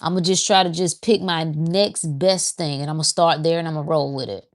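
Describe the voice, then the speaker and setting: Woman host, deep voice, rambling self-talk spiritual chat. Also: steady tone, fairly quick. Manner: conversational, repeats herself, talks to herself as she thinks aloud. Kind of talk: casual spiritual monologue.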